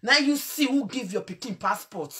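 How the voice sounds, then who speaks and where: A woman with a Nigerian Pidgin accent hosting a show, talking in an animated, emphatic monologue. She repeats her phrases, scolds, laughs, and breaks into sudden loud outbursts. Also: on the high side, normal speed. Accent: Nigerian Pidgin English. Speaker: online show host.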